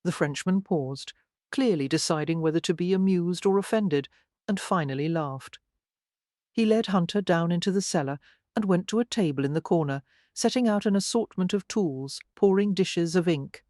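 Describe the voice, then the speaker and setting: An audiobook narrator giving a measured, even scripted reading of a romance novel. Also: medium pitch, no room sound, studio quality.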